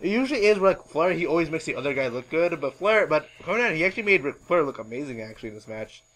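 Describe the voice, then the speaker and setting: A man hosts a podcast in loose, rambling chat, full of filler words and restarts. His voice is fairly high and bright, and it swings widely in pitch as he talks. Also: very animated, fast talker, poor audio. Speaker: podcast host. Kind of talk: casual chat.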